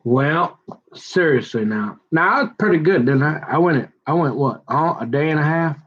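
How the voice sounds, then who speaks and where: A man's voice: a little high, animated, moderate pace, lo-fi sound. A tired man, rambling and joking in a casual vlog. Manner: rambling, joking, repeats himself. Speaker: vlogger.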